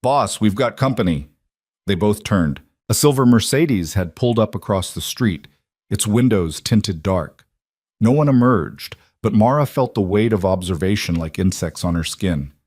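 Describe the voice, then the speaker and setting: Low-voiced guy narrating a dramatic story, measured, dry close sound. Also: lively intonation, a little mellow, no echo.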